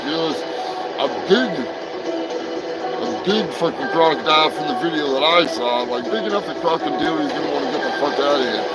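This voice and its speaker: A man's voice: on the high side, poor audio. A man hosting a comedy news show, profane and mocking, rambling between jokes. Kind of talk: crude comedic news rundown.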